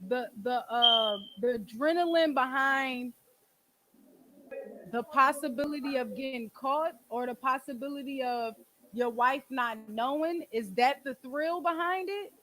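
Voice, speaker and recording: A woman's voice: high-pitched, a little slow, fairly bright tone, a little hiss or hum, low-quality recording. A woman hosting a casual talk show, with a Philadelphia accent, blunt and profane, acting out quotes as she talks. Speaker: host. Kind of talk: candid casual chat.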